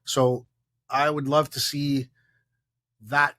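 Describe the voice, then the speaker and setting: A man, a company co-founder, speaking as an interview guest in an earnest, measured, heartfelt way. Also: mid-range voice, little pitch movement, a bit bright. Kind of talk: reflective conversation.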